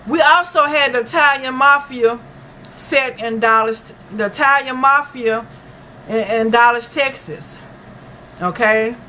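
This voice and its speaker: Woman, true-crime commentary, off-the-cuff monologue, bright clear tone, lots of fillers, faint background noise. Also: a little high, low-quality recording. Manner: halting, full of uh and you know fillers. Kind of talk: unscripted monologue reading from notes. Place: lives in Dallas.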